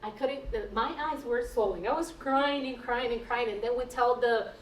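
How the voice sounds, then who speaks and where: A woman's voice: on the high side, moderate pace, slight background noise. Woman telling her story in a roomy hall. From Puerto Rico. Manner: lively storyteller with frequent restarts. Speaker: guest speaker, nurse. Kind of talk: personal storytelling talk. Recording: roomy sound from a distant mic.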